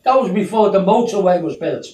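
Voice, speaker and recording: A man's voice: high-pitched, expressive, fairly quick, a crowd in the background. Older man rambling through old stories. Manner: rambling anecdotal storytelling, acts out voices. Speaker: grandfather telling stories. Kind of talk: casual family chat. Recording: echoey room, mic far off, faint noise.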